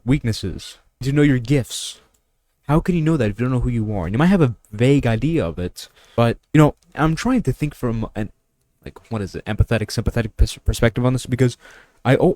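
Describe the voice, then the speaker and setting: A man's voice: mid-range voice, dark tone, no echo. A young man vlogging mindset and money advice in a blunt, preachy way, firing off rhetorical questions with crude asides. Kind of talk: casual talking-head monologue.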